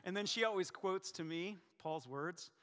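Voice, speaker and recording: Guy preaching in a church, super high tense voice, jokey and lively, big echoey hall. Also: moderate pace. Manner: animated, joking, acts out prayers and quotes. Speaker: pastor. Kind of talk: sermon.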